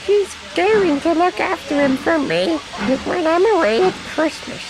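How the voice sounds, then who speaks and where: A man voicing a worried lady passenger who travels with her cat, in a high fretful falsetto, for a storybook reading. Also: lively intonation, unhurried, noisy background. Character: anxious elderly-sounding lady passenger with a cat.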